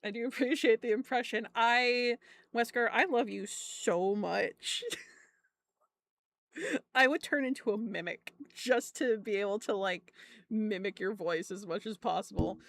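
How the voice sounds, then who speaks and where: A woman's voice: medium pitch, a little slow, creaky, a bit bright, no echo. A young adult woman streamer chatting casually, rambling through stories and laughing often, with frequent swearing.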